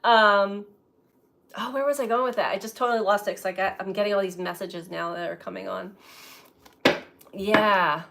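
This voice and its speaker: A woman tarot reader reflecting aloud in a slow, musing way, often breaking into light laughter. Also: mid-range voice, steady tone, fairly bright tone. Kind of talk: spiritual reflection to camera.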